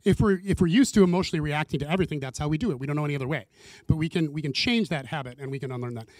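A man's voice: a little high, rapid-fire, a little mellow, no echo. A man leading a small Bible study group, talking casually and earnestly and acting out his own prayers as he teaches.

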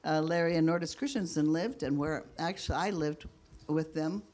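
A woman sharing her personal testimony with a congregation in a candid, self-deprecating, halting way. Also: deep voice, darkish tone. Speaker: minister's wife giving testimony.

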